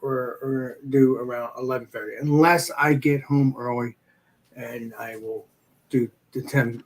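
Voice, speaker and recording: A man's voice: medium pitch, steady tone, moderate pace, rough recording. A man chatting casually as a guest on a livestream, meandering and repeating himself with lots of fillers. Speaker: guest streamer.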